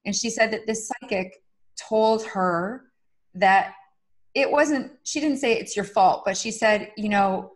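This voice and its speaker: Speaking at a measured pace in a medium-pitched voice, a middle-aged woman is interviewed as a podcast guest. Her talk is sincere and confessional, and she uses filler words often.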